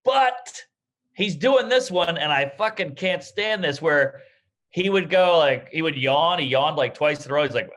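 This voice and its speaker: A man's voice: fairly high pitch, moderate pace, muffled recording. A man co-hosting a comedy podcast, telling casual stories and jumping into voices for the people he quotes. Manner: animated storytelling with jumpy voices for quoted people.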